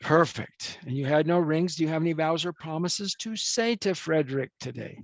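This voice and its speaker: A man's voice: a little high, normal speed, no room sound. A man officiating a wedding over a video call, chatty and joking as he rambles.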